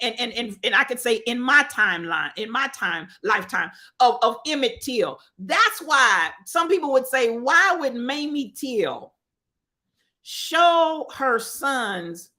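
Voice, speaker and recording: A woman host speaks with a high, bright and forceful voice. She delivers preacherly commentary on the radio. She repeats phrases and asks her listeners rhetorical questions. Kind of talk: impassioned talk-radio commentary.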